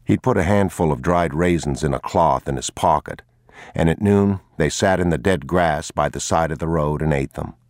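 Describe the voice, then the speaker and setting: Very deep, grave male audiobook narrator. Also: a little mellow, dry recording, clean studio sound. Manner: grave, measured, unhurried.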